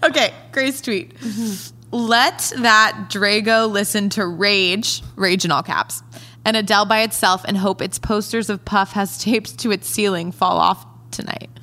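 A woman's voice: mid-range voice, steady tone, unhurried, pushed and bright. A woman hosting an interview in an upbeat way, reading tweets aloud to her guests. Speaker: host.

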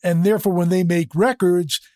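A man's voice: high voice, steady tone, moderate pace, dark tone, no echo, clean studio sound. A man hosting a podcast interview, speaking emphatically and laying out a long explanation before he asks his question.

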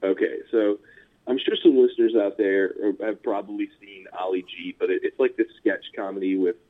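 A man's voice: lowish voice, fairly even intonation, moderate pace. Rambling Californian man on a tinny line. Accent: Californian American. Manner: rambling, chuckling, filler-heavy. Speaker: punk musician guest. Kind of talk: casual interview chat. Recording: tinny phone-line audio.

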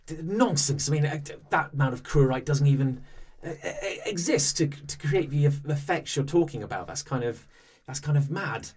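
A man's voice: fairly high pitch, expressive, moderate pace, hardly any pauses, darkish tone, slightly rough, pitched above the performer's own voice. A man voicing a panicky accused man who stammers flustered denials. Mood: indignant.

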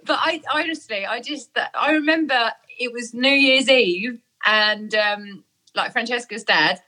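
A woman's voice: a little high, unhurried, pushed and bright. A middle-aged woman in a casual chat, telling a story with lots of laughter and acted-out voices. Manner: chatty storyteller, laughing often, acts out voices.

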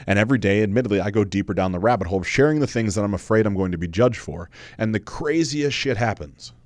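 Here the podcast host sounds expressive and talks at a quick pace as he recounts his own story. He's a man in his thirties with a fairly low voice, candid and earnest in conversation, swearing now and then and repeating phrases for emphasis. The audio is close and dry, with no room sound.

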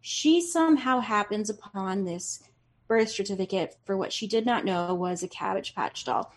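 A woman in her forties, a podcast guest, telling a family story excitedly and acting out the voices. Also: medium pitch, normal speed. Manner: excitable, animated storyteller who acts out voices. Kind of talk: storytelling in casual chat.

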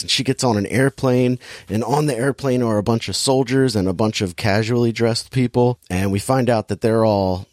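A man in casual chat, retelling a film scene by scene with a dry, sarcastic edge. He drops into quick voices for the characters' lines, and the sound is close and dry with no room around it. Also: medium pitch, darkish tone, dry recording. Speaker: podcast host recapping a movie.

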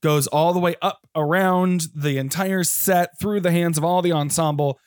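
A man's voice: fairly high pitch, fairly even intonation, moderate pace, smooth, no echo, studio quality. A man co-hosting a podcast, talking enthusiastically about a stage musical and swearing casually. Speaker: podcast co-host. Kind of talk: casual theater discussion.

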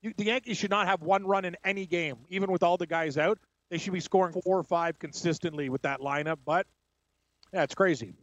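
A high-voiced man co-hosts a sports radio show, giving brisk, confident breakdowns of games and betting odds. His voice is dry and close, with a slightly dulled top end. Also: no room sound, lo-fi sound. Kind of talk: casual sports talk.

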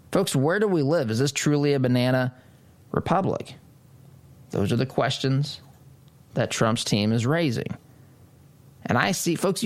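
A man hosting a political talk radio show, delivering an emphatic monologue with mocking asides. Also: medium pitch. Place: studio.

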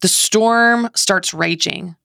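A woman's voice: medium pitch, slow pace, gravelly, pushed and bright, no echo, clean studio sound. A woman in her thirties, a guest on a faith podcast, telling a story with passion and acting out inner voices. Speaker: guest author and speaker.

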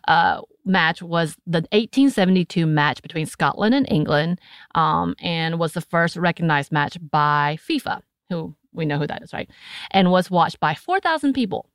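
An American woman co-hosting a podcast in a casual chat, animated and laughing often, recorded close to a studio mic. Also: lowish voice, no room sound. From United States. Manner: chatty and animated, often laughing, breaks into put-on voices. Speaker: podcast co-host.

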